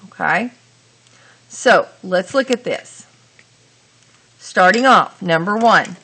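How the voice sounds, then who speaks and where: Slow, bright-voiced woman teacher. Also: mid-range voice. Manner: slow, deliberate, talks through each step. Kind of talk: grammar lesson.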